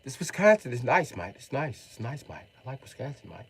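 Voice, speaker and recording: A man's voice: mid-range voice, very animated, fairly quick, gravelly, slightly rough, heavily acted. A man putting on a chummy London bloke who tacks "mate" onto every sentence.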